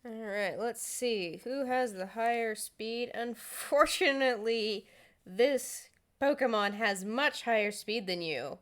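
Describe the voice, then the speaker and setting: Slightly high-voiced woman gm, brisk and blunt, teases her player. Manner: brisk, blunt and teasing, with casual swearing. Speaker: game master. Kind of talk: narrating a tabletop game.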